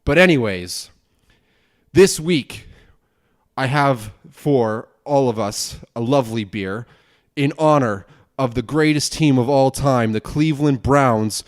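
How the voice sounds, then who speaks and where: A man's voice: mid-range voice, takes it slowly. A young man hosting his own podcast alone, ranting angrily with plenty of swearing and rambling asides. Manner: angry, profane, rambling rant. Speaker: podcast host.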